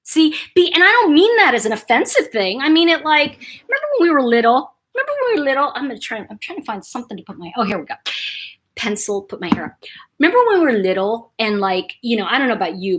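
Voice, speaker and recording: A woman from Buffalo, New York hosting a livestream chat, animated and acting out quotes as she talks. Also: fairly high pitch. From Buffalo, New York, USA. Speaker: channel host.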